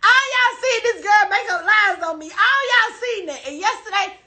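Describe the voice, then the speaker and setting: A woman's voice: very high-pitched, lively intonation, moderate pace, bright, forceful tone. A woman crying while she rants defensively and profanely on a phone livestream, repeating herself. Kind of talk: emotional live-stream rant.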